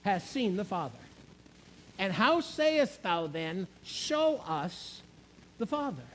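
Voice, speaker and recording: A man delivers a sermon in a very high-pitched voice. He is emphatic, repeating key phrases and asking his listeners questions. His delivery is that of a preacher teaching from the pulpit. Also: sing-song, slow pace, fairly bright tone, slight background noise, low-quality recording.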